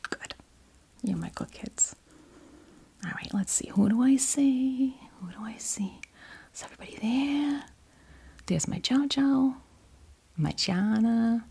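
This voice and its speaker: A woman's voice: a little high, gravelly, darkish tone, husky, exaggerated voice. A woman in her fifties voicing a chatty, fussing grandmother from New Jersey on a video call, in whispered role-play. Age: 50s.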